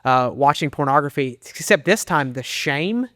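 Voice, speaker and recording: A middle-aged man tells his testimony in an earnest, candid way, pausing as the emotion rises. His voice sits a touch higher than most men's and sounds smooth and resonant. It is recorded close and dry. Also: animated, sharp tone, dry recording. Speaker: associate pastor and men's minister. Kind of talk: personal testimony in an interview.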